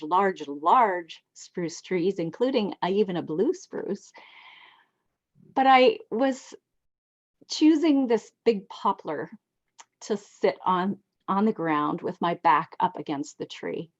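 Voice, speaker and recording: A woman in her sixties telling heartfelt personal stories as a guest, reflective and expressive, on a dull lo-fi recording. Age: 60s. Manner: heartfelt, reflective, lively swings in pitch. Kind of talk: personal storytelling.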